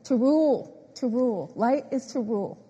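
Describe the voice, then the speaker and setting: A woman preaching a sermon, animated and emphatic, repeating phrases and often laughing. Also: a little high, moderate pace, breathy edge, highs cut off. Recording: echoey hall with long reverb.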